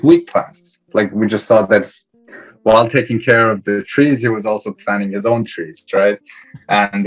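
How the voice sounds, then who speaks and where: Man, young adult, from Iran, low voice, relaxed storyteller, slightly dull audio. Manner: relaxed storyteller, laughs often. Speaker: podcast guest. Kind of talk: casual interview chat.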